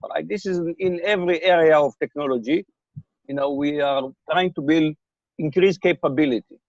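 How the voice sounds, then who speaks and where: An older man, a computer scientist, answers interview questions with a slightly raised pitch, pausing thoughtfully and repeating words. He checks he's being followed with "okay?" and "right?", speaking over a remote call that sounds dry, a little dull, and echo-free.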